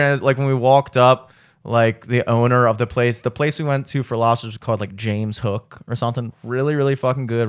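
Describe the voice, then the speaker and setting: A man's voice: mid-range voice, fairly bright tone, smooth. A young adult man co-hosting a podcast, telling a rambling travel story in casual chat, swearing freely and laughing often. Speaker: podcast co-host.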